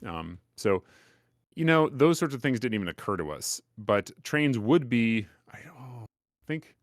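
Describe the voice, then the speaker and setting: A man's voice: mid-range voice, sing-song, measured pace, dry recording, clean studio sound. A man co-hosting a podcast, chatting casually, rambling and self-deprecating with lots of fillers and restarts. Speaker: podcast co-host. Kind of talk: casual chat.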